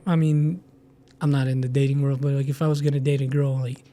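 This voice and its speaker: A man as a podcast guest in casual chat, blunt and laughing often, with halting restarts. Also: medium pitch, little pitch movement, mellow.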